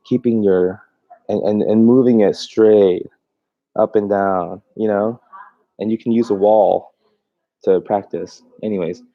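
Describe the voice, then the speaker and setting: Man, casual livestream chat, rambling and laughing, low voice, dry close sound, slightly dull audio. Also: fairly even intonation, unhurried, no echo. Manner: rambling, laughs often, many fillers and restarts. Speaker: mobile dog groomer, livestream host.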